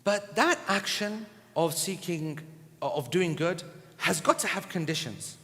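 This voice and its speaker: A man's voice: high voice, unhurried, bright, forceful tone. A man giving a blunt, humorous, scolding religious lecture, recorded in a reverberant hall. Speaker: Islamic lecturer. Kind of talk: sermon lecture.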